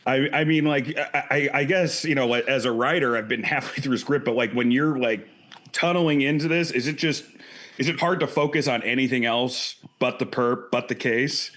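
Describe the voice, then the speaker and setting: Halting male podcast co-host. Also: medium pitch, a bit bright. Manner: halting questions full of "like" and restarts. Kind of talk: casual podcast interview.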